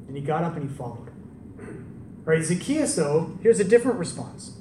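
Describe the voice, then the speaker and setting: A man's voice: a little high, very animated, moderate pace. A man preaching a sermon, telling stories in a conversational way and asking rhetorical questions. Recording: roomy, distant mic with faint background noise.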